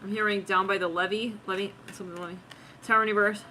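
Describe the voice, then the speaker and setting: A woman's voice: mid-range voice, steady tone, fast talker, background noise. A woman doing a tarot reading in a slangy, giggly way, acting out what she senses with lots of "it's like". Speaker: tarot reader.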